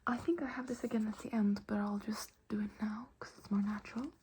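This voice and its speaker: A woman teaching in a whispered ASMR lesson, slow and patient, gently repeating each word. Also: mid-range voice, fairly even intonation, a little hiss or hum, poor audio.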